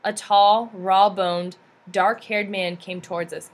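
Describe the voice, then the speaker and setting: A woman reads a memoir aloud with steady, earnest storytelling. Her pitch sits in the middle of the range and her delivery stays plain and sincere, never theatrical. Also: slow. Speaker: audiobook reader.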